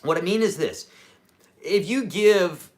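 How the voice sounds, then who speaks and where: A man teaching a live-streamed guitar lesson, chatty and energetic, with lively jumps in pitch and loudness. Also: slow pace. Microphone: camera mic.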